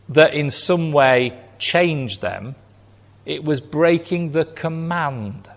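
A man preaching a sermon, slow and emphatic, acting out quoted lines with big swings in pitch. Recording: long hall reverb.

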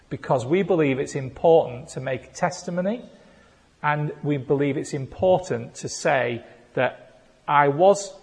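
A male pastor, preaching a playful sermon that builds to shouted declarations. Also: mid-range voice, husky. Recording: long hall reverb.

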